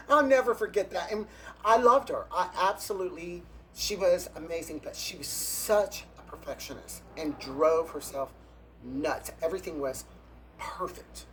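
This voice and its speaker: A man's voice: on the high side, normal speed, a bit bright, a little hiss or hum. Campy, gossipy man telling stories. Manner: campy and catty, with gasps and laughs. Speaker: guest drag performer. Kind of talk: casual storytelling, gossipy.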